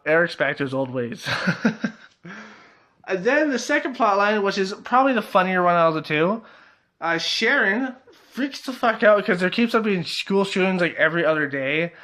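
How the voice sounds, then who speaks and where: A man's voice: fairly high pitch, sharp tone. A young man casually reviewing a TV episode, laughing often, swearing freely and filling his talk with "like" and "uh".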